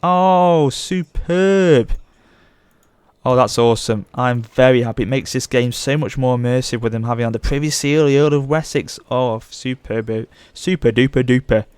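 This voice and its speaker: A young man commenting on his strategy game as a let's play host, gushing with excitement. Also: medium pitch, fairly quick, hardly any pauses, clear, resonant tone, dry recording. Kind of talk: gameplay commentary.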